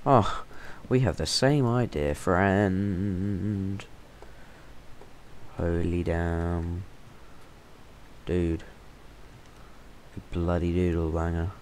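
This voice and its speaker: A man giving chatty, excitable gameplay commentary on his channel, breaking into sudden exclamations, recorded on a stand-in mic. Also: low-pitched, extremely slow, long pauses, slight background noise. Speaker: gaming channel host. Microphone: temporary stand-in mic.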